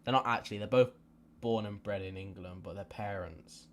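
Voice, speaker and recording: A man's voice: on the low side, fairly even intonation, moderate pace. Rambling young man hosting a live watch-along. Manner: chatty and rambling, repeats himself. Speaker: live stream host.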